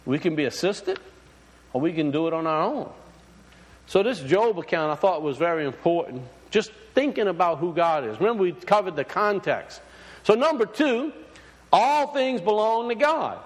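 A high, very animated male voice preaches at a normal speed. The sermon is relaxed and conversational, packed with fillers, restarts, and questions aimed at the listeners, all echoing in a long hall reverb.

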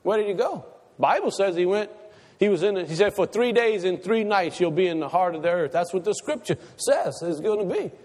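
A man's voice: sits high, expressive, fairly quick, a little mellow. A man preaching a sermon to a congregation, asking them questions and repeating his points for emphasis. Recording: reverberant church hall.

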